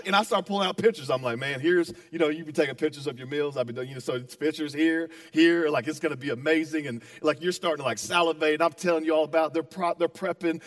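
A man with a high voice preaches in a relaxed, storytelling way, full of energy and playful asides to the crowd. His words ring out with the long reverb of a large church hall. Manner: energetic, playful, talks straight to the audience. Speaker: pastor. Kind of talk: conversational sermon with storytelling. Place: church auditorium.

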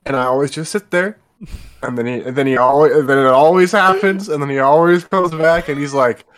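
A man's voice: fairly high pitch, fairly quick, fairly bright tone. A man co-hosting a podcast, rambling chummily in casual chat. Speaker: podcast co-host.

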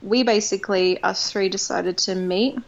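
A woman guest from Australia, a singer telling her story in an interview, animated and laughing often. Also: mid-range voice, moderate pace, gravelly, dull audio. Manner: animated, laughs often, acts out quoted voices.

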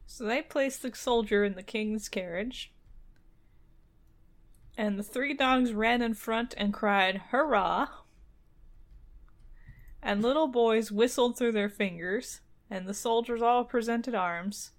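Woman reading a fairy tale out loud, keeps stopping to joke around, dry and wry. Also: a little high, unhurried. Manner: laughs often, wry and deadpan asides. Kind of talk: casual reading with chatty asides.

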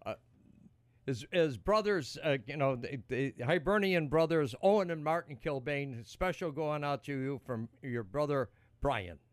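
A man's voice: on the high side, animated, unhurried, no echo. Male radio co-host, stumbling. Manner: agreeable, stumbling restarts. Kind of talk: casual radio chat. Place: radio studio.

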